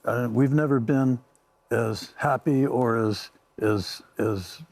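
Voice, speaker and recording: Husky older man, slow and halting. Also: mid-range voice, darkish tone. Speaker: musician guest. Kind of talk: casual chat.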